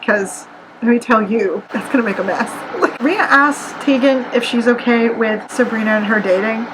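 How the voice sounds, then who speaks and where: A woman's voice: on the high side, normal speed. A woman giving a chatty, sarcastic book review at home, with an air conditioner humming in the background. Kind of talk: casual ranting book review. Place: apartment room. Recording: noisy home recording with AC hum. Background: air conditioner hum.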